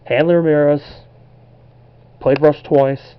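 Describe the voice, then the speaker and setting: A young man talking casually to camera as he pages through a yearbook, relaxed and rambling, often unsure how names are pronounced. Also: on the high side, unhurried, lo-fi sound, a little hiss or hum. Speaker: collectibles vlogger.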